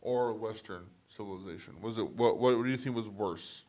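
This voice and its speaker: A man's voice: lowish voice, moderate pace, a little mellow. A man hosts a podcast in loose, casual chat. He rambles and swears freely in a playful way. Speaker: podcast host.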